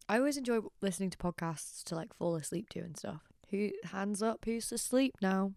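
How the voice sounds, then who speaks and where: A woman's voice: medium pitch, a little fast, vocal fry, few pauses, a little mellow, no room sound, clean studio sound. Tipsy young woman, rambling and sardonic. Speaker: podcast host. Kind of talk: casual solo podcast monologue.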